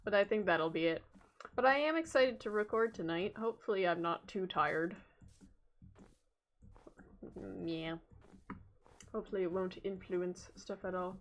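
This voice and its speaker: A woman's voice: mid-range voice, a little slow, long pauses. A young Canadian woman with a Canadian accent, chatting casually to her viewers during a game stream, rambling with lots of fillers.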